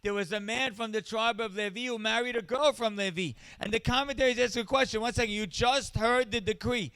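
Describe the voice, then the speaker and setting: Male charity-event speaker: high, smooth voice, close and dry, impassioned with building refrains. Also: brisk, fairly bright tone, no room sound. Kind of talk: inspirational event speech.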